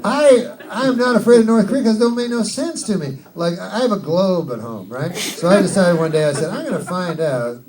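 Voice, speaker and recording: A man doing a rambling, deadpan, profane stand-up set before a live audience. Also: high voice, a little fast, few pauses. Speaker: stand-up comedian. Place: large hall, live audience. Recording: distant live mic, loud crowd and noise.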